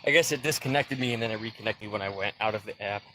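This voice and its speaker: A man's voice: fairly low pitch, fast talker, pushed and bright, slight background noise. Out-of-breath man streaming outdoors. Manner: loose, rambling, greets viewers by name. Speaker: livestreamer doing car repair. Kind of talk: casual livestream chat. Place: backyard, outdoors.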